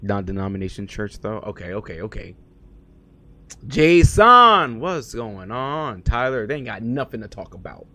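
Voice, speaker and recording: A man live-streaming a game, chatting casually and profanely with his viewers, swinging from low muttering to loud excited outbursts. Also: normal speed. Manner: slangy and profane, talks to chat by name. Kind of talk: casual live-stream chat while gaming.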